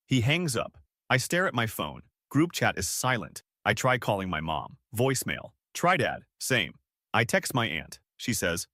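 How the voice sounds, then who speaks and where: A man tells a first-person story in a casual, conversational way, his pitch moving freely up and down. The recording is dry and close, with no room sound around the voice. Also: sing-song, moderate pace, bright, forceful tone, dry recording. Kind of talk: reading a first-person online story aloud.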